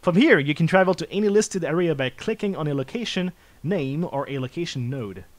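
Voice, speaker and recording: A man commentating a game playthrough, joking and reading the on-screen text aloud. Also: fairly high pitch. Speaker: gamer.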